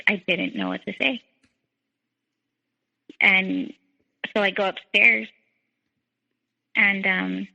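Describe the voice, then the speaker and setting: Young woman guest, mid-pitched, fry in the voice, lots of "like", muffled recording. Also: sharp tone, big-room sound. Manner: frequent "like", quotes others in dialogue. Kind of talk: telling her story in a podcast interview. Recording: dull lo-fi sound.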